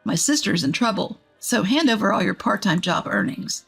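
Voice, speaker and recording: A woman's voice: medium pitch, animated, a little fast, creaky, breathy edge, faint music behind. A woman, a text-to-speech narrator, voicing an arrogant, dismissive husband in a curt, scornful way.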